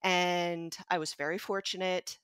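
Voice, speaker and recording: A middle-aged woman who works as a pediatrician tells a personal story as a podcast guest, reflective and earnest, growing animated when she quotes people. Her voice is on the low side, unhurried, and clean in tone. The audio is studio quality with no echo.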